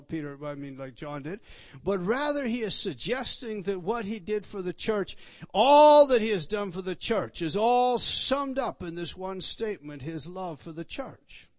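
A man's voice: high-pitched, dry recording. A man preaching an expository sermon, emphatic, repeating words and turning to the listeners with questions. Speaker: pastor.

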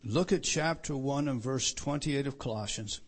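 At a moderate pace, a middle-aged pastor delivers a sermon with emphasis, raising his voice loud when stressing scripture and letting it drop low and quiet.

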